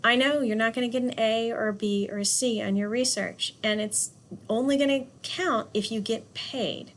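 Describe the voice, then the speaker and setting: A woman's voice: a little high, fairly even intonation, normal speed. A woman teaching a class, talking directly and emphatically, with asides. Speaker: instructor. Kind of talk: classroom lecture.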